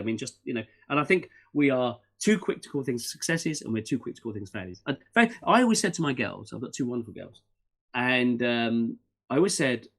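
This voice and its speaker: Man, middle-aged, podcast guest, rambling, quick-paced. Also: medium pitch. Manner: animated and rambling, with many restarts and fillers. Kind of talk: casual interview chat.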